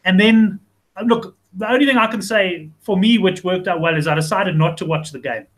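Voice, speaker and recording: A man hosts a relaxed sports betting chat. His voice sits high and sounds bright and forward. He talks in loose, rambling runs full of restarts. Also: brisk, rough recording. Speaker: host.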